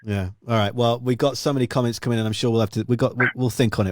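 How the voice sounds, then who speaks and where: A man's voice: medium pitch, steady tone, very fast, dry recording. Effusive live stream host man, dry sound. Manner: effusive and warmly grateful. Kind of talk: casual chat on a live stream.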